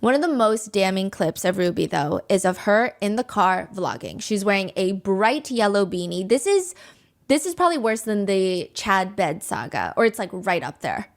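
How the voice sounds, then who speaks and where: A woman's voice: medium pitch, very animated, normal speed. A woman hosting a reaction commentary show, speaking in an indignant, sarcastic, conversational way. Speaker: commentary host.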